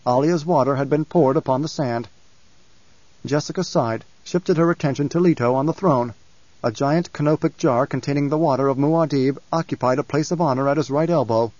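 Man, audiobook narration, measured, dark mellow tone, dry close mic. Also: a little high, dry recording. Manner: measured, even storytelling. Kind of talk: scripted narration. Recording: dull lo-fi audiobook recording.

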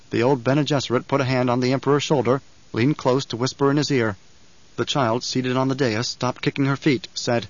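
A man narrating an audiobook in a measured, even storytelling manner. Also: mid-range voice, dry recording. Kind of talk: scripted narration. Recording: dry, slightly dull audiobook recording.

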